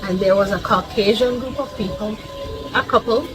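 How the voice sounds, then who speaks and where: A woman's voice: medium pitch, moderate pace, background noise. A Jamaican woman vlogger telling a personal story in an emphatic, heartfelt way, stacking lists and repeating herself for weight. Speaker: vlogger, mother. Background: background music.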